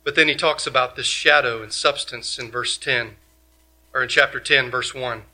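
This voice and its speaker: Man preaching a sermon, sharp forceful tone, emphatic rhetorical questions, loud then hushed. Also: mid-range voice, fairly even intonation, moderate pace. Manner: swings from loud to quiet. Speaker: pastor.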